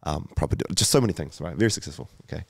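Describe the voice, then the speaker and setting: A man's voice: low-pitched, lively intonation, very fast, creaky, breathy edge, no room sound, studio quality. A man in his thirties, a podcast guest, telling his story candidly and emotionally, with lots of swearing, fillers and restarts. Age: 30s.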